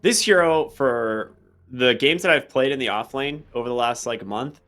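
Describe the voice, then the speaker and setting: A man hosting an esports broadcast, trading relaxed, easygoing banter with his co-caster. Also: mid-range voice, normal speed. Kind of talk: casual esports commentary.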